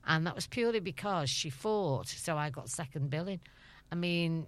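A middle-aged woman with a Liverpool accent, a lively storyteller who laughs often as a guest in a radio interview. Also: low voice, moderate pace. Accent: Liverpool (Scouse). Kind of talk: chatty anecdotal radio interview.

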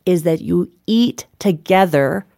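A woman's voice: on the low side, slow pace, vocal fry, no echo, studio quality. A middle-aged woman, a guest author in an interview, telling stories animatedly and acting out the dialogue. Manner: animated storyteller, acts out dialogue, laughs often. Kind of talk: interview chat.

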